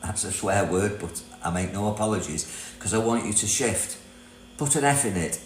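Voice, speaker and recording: An older man from Britain talks on a casual livestream in a rambling, friendly way, often laughing as he reads comments aloud. His voice sits low. The recording is roomy and echoey, with a faint mains hum behind it. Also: expressive, normal speed. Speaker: livestream host, self-help coach. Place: property in Thailand.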